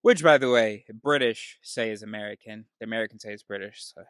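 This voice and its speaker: A man's voice: on the low side, a little fast, fairly bright tone, dry recording. Rambling, self-interrupting man, dry close sound. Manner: meandering, self-interrupting, laughs at himself. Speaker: video host. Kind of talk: rambling solo video talk.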